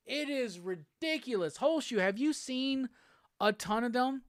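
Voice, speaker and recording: A man's voice: very high voice, expressive, measured pace, dry recording, studio quality. A man hosting a live stream, chatting casually, cursing freely and laughing often. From Southern United States. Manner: profane, laid-back, laughs often. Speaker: livestream host. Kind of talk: casual chat reading viewer comments.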